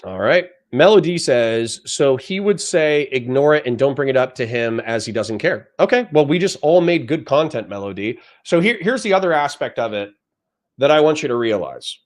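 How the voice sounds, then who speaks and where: A man's voice: mid-range voice, expressive, normal speed. A man on a livestream reading chat comments aloud and answering them in a blunt, profane, lecturing rant.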